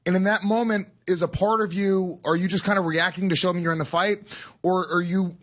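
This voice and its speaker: A man's voice: high-pitched, fairly even intonation, brisk, fairly bright tone. A man co-hosting a podcast in loose, teasing casual chat with many fillers. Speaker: podcast co-host.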